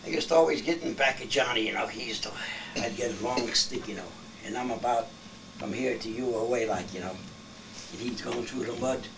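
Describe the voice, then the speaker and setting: A man's voice: mid-range voice, a little fast. A man in his eighties telling old stories in a rambling, salty way, chuckling through his tales at a family gathering. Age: 80s. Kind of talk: casual storytelling. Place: family birthday gathering at home. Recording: distant home-video recording with background noise.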